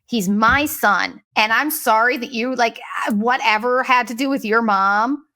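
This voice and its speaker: A woman hosting a podcast, telling a story in a casual, profane, animated way and mimicking the people she quotes. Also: fairly high pitch, measured pace. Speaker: podcast host.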